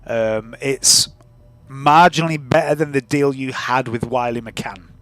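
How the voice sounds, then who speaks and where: A man's voice: medium pitch, a little slow, a bit bright, no room sound. A man running a tabletop game as game master, explaining patiently.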